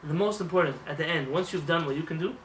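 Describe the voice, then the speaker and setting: A man rabbi giving a lively, joking sermon in a synagogue, acting out voices as he talks. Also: a little high, fast talker, distant mic, a little hiss or hum. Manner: animated, acts out voices, jokes with the congregation. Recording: roomy hall with faint ambience.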